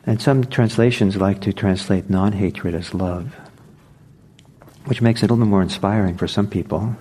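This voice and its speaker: A man gives a meditation teacher's dharma talk in a low, mellow voice with a husky edge. He speaks very slowly and reflectively, pausing often and circling back to restart his thoughts. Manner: unhurried, reflective, with frequent pauses and restarts. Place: meditation center.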